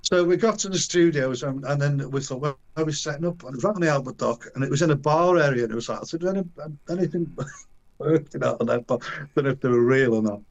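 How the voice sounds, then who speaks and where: A man's voice: medium pitch, quick pace, lo-fi sound. An older man, a guest in an interview, telling a long casual anecdote in colloquial slang, acting out the voices of the people he quotes and restarting his sentences often. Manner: animated, acts out quoted voices, frequent restarts and chuckles.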